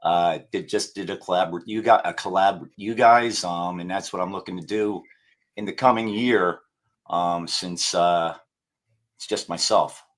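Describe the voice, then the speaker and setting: A man's voice: sits low, fairly even intonation, moderate pace. A man talking casually as a podcast guest, rambling with many fillers and restarts. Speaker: guest paranormal investigator.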